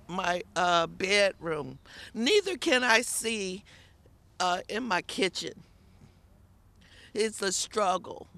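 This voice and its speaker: Woman, tenant testimony, slow deliberate pace, bright edge, emotional, exasperated. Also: on the low side. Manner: emotional, exasperated, bursts of shouting. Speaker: tenant speaking at a rally.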